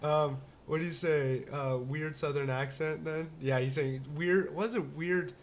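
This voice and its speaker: Guy rambling and joking on a chill talk show, kinda high voice, lots of ums. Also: fairly even intonation, measured pace, a little hiss or hum. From United States. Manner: rambling, joking, many restarts and fillers. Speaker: podcast co-host. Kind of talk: casual chat.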